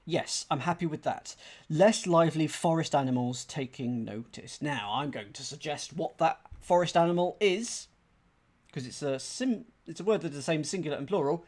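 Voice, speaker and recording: A man streaming a crossword solve, thinking aloud in a chatty, self-deprecating way and reading clues out slowly. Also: a little high, animated. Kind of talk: casual thinking-aloud commentary.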